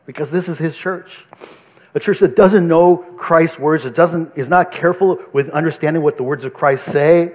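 A man's voice: a little high, long reverb tail. Earnest male pastor preaching. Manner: earnest, conversational preaching with frequent restarts. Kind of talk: sermon. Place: church pulpit.

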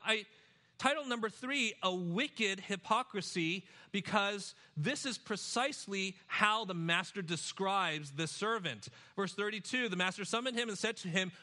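A man preaching an expository sermon, moving between loud emphasis and hushed, low asides.

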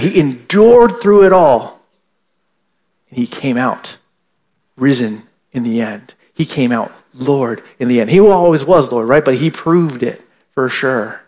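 A man's voice: mid-range voice, a little slow, darkish tone. A male pastor preaching a sermon, asking "right?" again and again and repeating his key points for emphasis. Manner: acts out imagined indignant listeners with a raised voice.

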